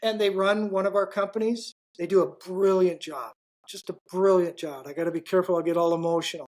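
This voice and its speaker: A man's voice: high-pitched, fairly even intonation, a little fast, darkish tone. An older man, a business owner, chatting casually as a podcast guest and telling folksy stories with lots of asides. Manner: folksy and anecdotal, with many asides. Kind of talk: casual interview chat.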